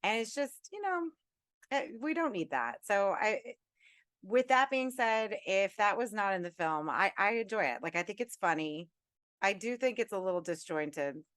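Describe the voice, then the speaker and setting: A woman's voice: mid-range voice, animated, moderate pace, a bit bright, dry recording, studio quality. A woman co-hosting a podcast in casual chat, chatty, often restarting her sentences and laughing easily. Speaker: podcast co-host.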